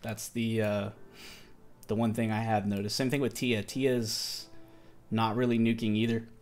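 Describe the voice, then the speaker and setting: A man's voice: on the low side, little pitch movement, unhurried, darkish tone, soft background music. A tired man hosting a casual livestream market review, talking loosely with slang and restarting his sentences. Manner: rambling, loose, self-correcting, slangy. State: tired and yawning. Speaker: crypto market stream host.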